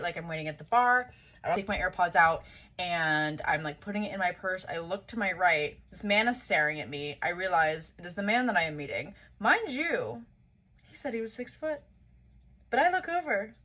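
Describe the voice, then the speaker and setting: A woman vents about a short, bad date with sassy exasperation. Her voice is bright and forward, and her delivery is loose, casual and full of swearing. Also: medium pitch. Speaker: content creator. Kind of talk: casual storytime vlog.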